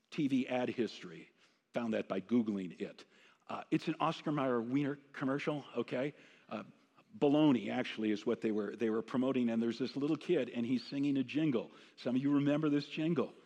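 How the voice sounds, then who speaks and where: Middle-aged man, pastor's sermon, conversational then emphatic, slightly high voice, long church reverb. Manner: conversational preaching, rising to emphatic declarations.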